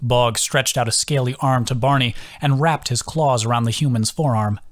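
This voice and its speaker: A man's voice: medium pitch, moderate pace. A man reading his own fantasy novel aloud as audiobook narration. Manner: lively, expressive reading.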